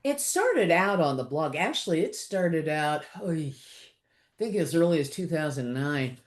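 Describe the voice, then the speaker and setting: Low-voiced older woman, animated storyteller. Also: a little slow. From Los Angeles. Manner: animated, laughs often, trails off with fillers. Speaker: author guest. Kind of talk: casual interview chat.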